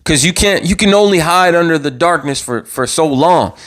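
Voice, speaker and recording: On his own channel's livestream, a man hosts a live talk show in a fairly high, animated, slightly bright voice at a moderate pace. His commentary is impassioned and worked up, full of repeated words and swearing.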